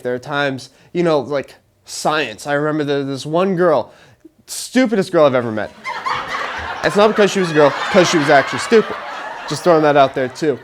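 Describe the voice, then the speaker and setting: A young man in college, hosting a live show with a rambling, jokey monologue, laughing through his lines. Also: fairly high pitch. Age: young adult. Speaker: host. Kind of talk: stand-up style monologue to a live audience. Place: live show before an audience.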